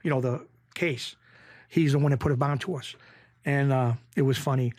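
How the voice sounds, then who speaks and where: A middle-aged man, a podcast guest telling rough street stories in a casual, animated way that keeps circling back on itself. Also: mid-range voice, moderate pace. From Springfield, Massachusetts. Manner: animated storyteller, rough street talk, repeats himself. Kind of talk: casual storytelling.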